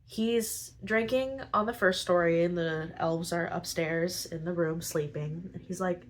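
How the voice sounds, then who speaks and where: A woman's voice: lowish voice, low-quality recording. A woman hosting a podcast, casually summarizing story plots in a chatty way with lots of asides. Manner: chatty, retells plots with filler "like" and quick asides. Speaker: podcast host.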